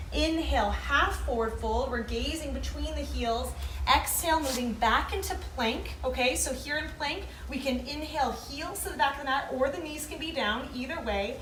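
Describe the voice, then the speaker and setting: High-voiced woman guiding yoga, roomy echo. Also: slight background noise. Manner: encouraging, cueing breaths. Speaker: yoga instructor. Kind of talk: guided yoga instruction.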